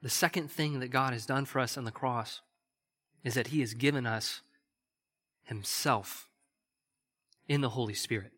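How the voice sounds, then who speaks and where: Guy preaching, bright forceful voice, lots of church reverb. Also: medium pitch. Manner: earnest preaching, swings from quick and loud to slow and hushed. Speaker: pastor. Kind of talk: sermon. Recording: long hall reverb.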